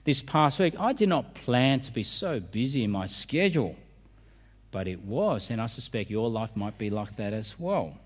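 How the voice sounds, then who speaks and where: Male pastor, sermon delivery, animated pitch, hall reverb. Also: moderate pace. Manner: lively, emphatic preaching with rhetorical questions.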